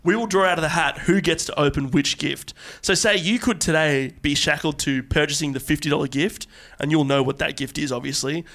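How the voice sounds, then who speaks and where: A man co-hosting a casual comedy podcast, joking and quick to burst into loud laughter and shouting. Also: fairly high pitch. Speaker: podcast co-host.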